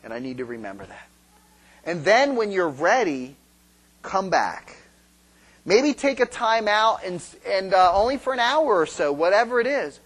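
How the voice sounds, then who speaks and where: A man's voice: high voice, big pitch swings, a little slow, a bit bright. A man preaching a sermon on marriage in a conversational way, asking the congregation questions and acting out quarrels. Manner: acts out quarrels in quoted voices.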